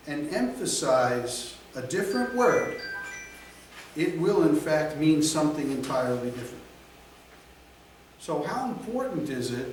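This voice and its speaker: A man teaching a real estate class, lecturing in a slow, deliberate and emphatic way. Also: medium pitch, a little hiss or hum. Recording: echoey classroom from far off.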